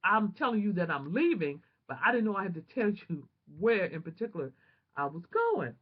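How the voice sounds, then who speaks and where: Husky, animated woman telling her story. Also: medium pitch, moderate pace, dull audio. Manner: animated, emotional, prayerful storyteller. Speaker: vlogger. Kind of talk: personal testimony storytelling.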